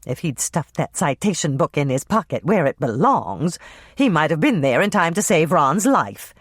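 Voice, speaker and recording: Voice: mid-range voice, sing-song, normal speed, breathy edge, no room sound, studio quality. An audiobook narrator voicing Dolores, a proud and bossy mother who talks in a grand, condescending way.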